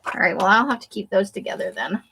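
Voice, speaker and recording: This woman streamer talks fast in a sharp-toned, mid-range voice with big pitch swings, chatting casually with her viewers, teasing them by name and joking about herself. A little hiss or hum sits in the audio.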